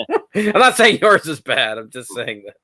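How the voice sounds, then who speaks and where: A man co-hosting a casual podcast chat, relaxed and curious, asking many questions. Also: fairly high pitch, normal speed.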